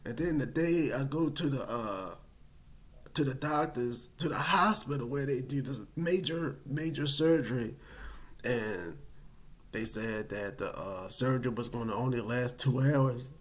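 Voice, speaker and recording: A man casually telling a personal story, animated and dramatic, with many fillers. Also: medium pitch, a little slow.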